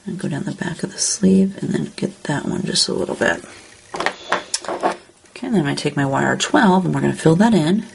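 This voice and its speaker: A woman calmly talking through a step-by-step card-coloring tutorial, describing each stroke as she works. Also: sits low, fairly quick, gravelly, hardly any pauses, a little hiss or hum. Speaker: card-making instructor.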